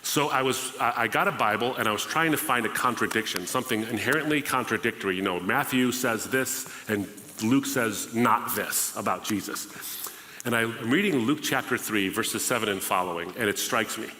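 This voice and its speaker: Bright-voiced man telling his story. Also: medium pitch, normal speed, a little hiss or hum. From United States. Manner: conversational, re-enacts past dialogues. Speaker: podcast host. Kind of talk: personal testimony storytelling. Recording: reverberant hall.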